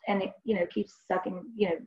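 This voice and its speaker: A woman's voice: mid-range voice, flat delivery, quick pace, darkish tone. Earnest woman counselor on a lo-fi call. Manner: earnest, conversational, many fillers. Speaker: counselor presenting to counseling students. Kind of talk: online presentation with client stories. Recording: dull lo-fi online call audio.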